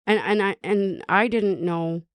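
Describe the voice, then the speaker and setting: A woman's voice: mid-range voice, measured pace, dry recording, studio quality. A woman from Canada telling her recovery story as a podcast guest, earnest, with many "like" fillers and acted-out dialogue.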